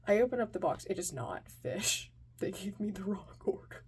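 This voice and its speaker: A woman's voice: medium pitch, big pitch swings, normal speed, a little mellow, slight background noise. A woman telling a comic personal story in an anxious, self-mocking way, often dropping into whispered asides.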